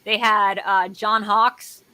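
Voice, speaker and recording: Bright, excitable woman co-host. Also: mid-range voice, slow pace, no room sound. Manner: excitable, jokey, rambling. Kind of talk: casual chat.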